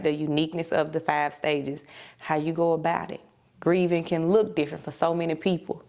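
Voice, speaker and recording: A woman's voice: deep voice, vocal fry, a little mellow. A woman therapist, talking candidly and conversationally as she gives advice on a show, often repeating key phrases for emphasis. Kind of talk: casual talk show advice.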